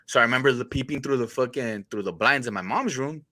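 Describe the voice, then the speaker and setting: La guy telling stories, slangy and profane, bright voice, dry sound. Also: mid-range voice, fast, no echo. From Los Angeles area. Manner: profane, laid-back slang. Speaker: podcast host. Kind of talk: casual storytelling.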